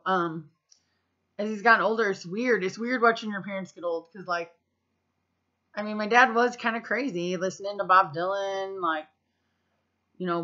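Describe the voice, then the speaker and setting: Vlogger, woman, 30s, from the US; bright, punchy voice, casual and profane, slightly muffled audio. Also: mid-range voice. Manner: chatty, profane, full of fillers. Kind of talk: casual storytelling to camera.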